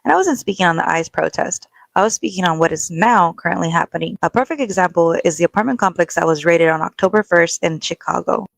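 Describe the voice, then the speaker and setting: A woman's voice: fairly low pitch, fast, gravelly, hardly any pauses, no room sound. A woman speaking earnestly to camera in a social media commentary video.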